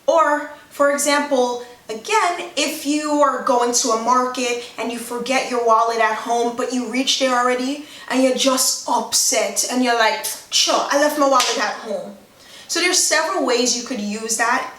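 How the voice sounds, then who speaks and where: High-voiced young woman, lively explainer. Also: moderate pace, few pauses. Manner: lively, acts out example dialogues. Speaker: language teacher, video host. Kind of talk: casual explainer video. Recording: roomy, mic at a distance.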